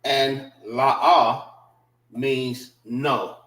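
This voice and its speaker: Man teaching a class, very slow and patient with his words, in an echoey classroom. Mid-range voice. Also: medium pitch, fairly even intonation, fairly bright tone. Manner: patient, repeats words slowly, spells them out. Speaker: class instructor. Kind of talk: classroom lesson on writing and pronunciation.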